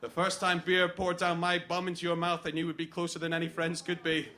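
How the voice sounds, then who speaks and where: A crude, jealous best man rants his way through a wedding toast. The voice sits high and sounds bright and forward. A faint hiss runs under the recording. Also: monotone, brisk. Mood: wistful. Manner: crude, mocking, jealous rant. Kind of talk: comic stage monologue.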